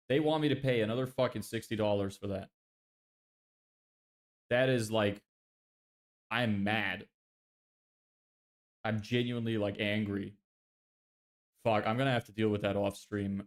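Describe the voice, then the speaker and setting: A young man casually chatting on a live stream, exasperated and swearing often as he answers viewers. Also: fairly low pitch. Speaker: livestreamer.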